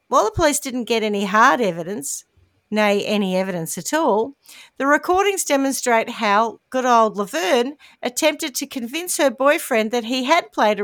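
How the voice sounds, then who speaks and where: A woman's voice: a little high, dry recording. A woman podcast host telling a true crime story in a chatty, wry way. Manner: chatty, wry, tells the case in detail.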